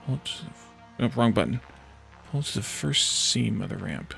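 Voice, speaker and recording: A man's voice: medium pitch, animated, normal speed, creaky, fairly bright tone, soft background music. A man streaming a building game, chatting casually with his viewers and talking himself through each step. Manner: chatty, reacts to chat, talks to himself while building. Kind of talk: casual let's-play commentary.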